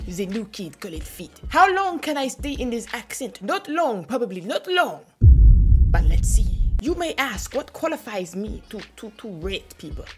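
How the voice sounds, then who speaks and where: A woman's voice: high-pitched, voice pushed up. A woman putting on a foreign accent and broken English to play a boastful, self-proclaimed fashion stylist. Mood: haughty. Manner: haughty, in a put-on foreign accent. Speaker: vlogger. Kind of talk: comedic persona sketch.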